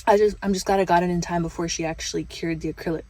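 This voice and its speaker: A woman's voice: on the low side, steady tone, rapid-fire, warm tone, low-quality recording. A young woman vlogger telling a casual, chatty story full of fillers and quoted back-and-forth.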